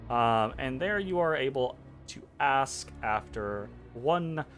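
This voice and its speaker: Slow-talking man as game master. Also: mid-range voice, animated, fairly bright tone, slight background noise. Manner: halting, with fillers. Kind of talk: narrating a tabletop game. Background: background music.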